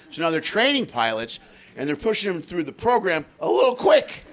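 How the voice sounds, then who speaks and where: A man doing a high-energy stand-up comedy set on stage, acting out voices and shouting punchlines. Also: lively intonation, fast talker. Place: comedy stage before a laughing audience.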